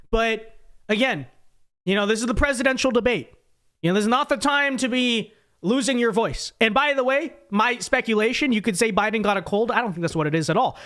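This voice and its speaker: A man's voice: high-pitched, a bit bright. A young man hosting a casual live reaction show, rambling and emphatic as he talks straight to his viewers. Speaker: political commentary host.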